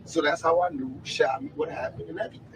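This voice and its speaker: A man's voice: a little high, steady tone, fast, a little hiss or hum, rough recording. A man giving a heated, profane interview, telling his story emphatically in an archival recording. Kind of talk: candid interview.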